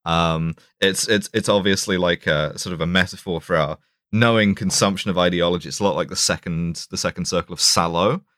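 A man with a low voice, co-hosting a podcast and reviewing a film in casual chat. He riffs in dry, ironic, mock-academic tones and stumbles over fillers. The recording is close and dry. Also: fairly even intonation, a little fast, fairly bright tone, no room sound. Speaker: podcast co-host.

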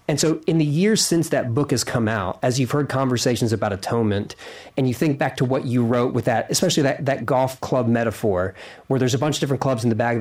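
A man's voice: medium pitch, a little mellow. A man hosting a podcast who asks questions casually, with self-deprecating asides and hesitant restarts. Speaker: podcast host.

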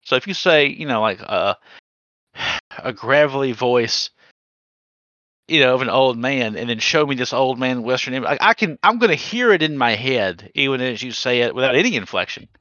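A man's voice: mid-range voice, very animated, moderate pace, pushed and bright, no echo. A man co-hosting a podcast in casual chat, joking, mocking himself and giving advice. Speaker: podcast co-host. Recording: slightly dull lo-fi sound.

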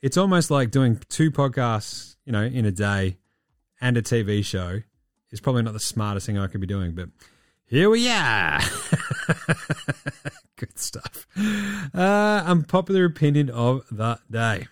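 A man hosting a casual podcast, swearing and rambling, his voice going hoarse. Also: medium pitch, sing-song, measured pace, pauses often, no room sound, clean studio sound. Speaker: podcast host. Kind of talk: casual basketball chat.

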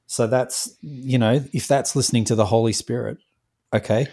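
A man co-hosting a relaxed conversation, halting and repeating himself. His voice is an ordinary male voice, middle in pitch. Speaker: podcast co-host. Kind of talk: casual chat.

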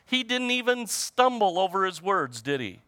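A pastor preaches a sermon in a conversational way, chatting with the congregation, joking about everyday troubles, calling out to the audience, and reading scripture aloud. His voice is high-pitched with big pitch swings, bright and forceful, at a moderate pace. The recording is clean, with no room sound.

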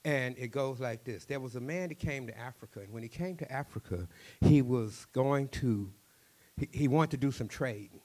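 A man with a Cajun accent, a storyteller talking in an interview, animated and quick, often repeating words. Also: mid-range voice.

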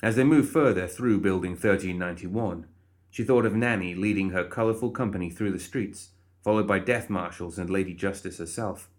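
Man, deep low voice, storybook narration, measured.

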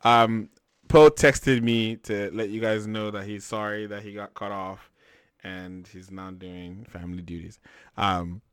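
A young man hosting a casual talk show, laid-back and animated, with plenty of slang and fillers. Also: lowish voice, unhurried, smooth, dry recording. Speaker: podcast host. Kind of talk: casual chat.

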